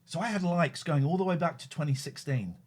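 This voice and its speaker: A man hosting a live stream, animated and sweary, easily wound up. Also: on the high side, brisk. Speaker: host. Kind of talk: casual live-stream chat.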